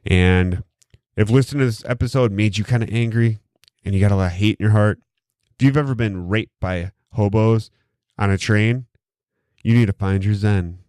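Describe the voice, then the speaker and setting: In a dry studio recording made close to the mic, a man hosting a casual podcast talks at normal speed. His lowish voice is a little mellow, clear and resonant, and he rambles and jokes with lots of swearing.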